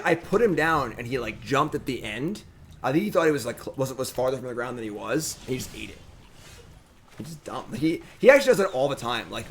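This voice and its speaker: A man streaming a card game from home, talking casually to his viewers with excitable commentary. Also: medium pitch. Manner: excitable, talks to the audience as "folks".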